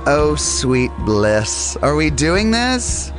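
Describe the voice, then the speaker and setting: A man with a hoarse, strained voice hosting a podcast in a rambling, self-deprecating, chatty monologue. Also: fairly high pitch, sing-song, extremely slow, over music. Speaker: podcast host. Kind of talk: casual monologue.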